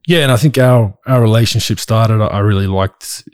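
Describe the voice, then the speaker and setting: A man's voice: lowish voice, brisk, clear, resonant tone, no room sound, clean studio sound. A man with an Australian accent hosting a casual podcast, blunt and laid-back, swearing freely. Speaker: podcast host.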